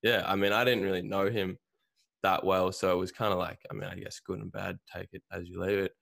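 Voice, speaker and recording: Deep, gravelly laid-back young host. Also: male voice, flat delivery, brisk, fairly bright tone. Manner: laid-back, many fillers like "man" and "you know". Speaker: podcast host. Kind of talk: casual chat.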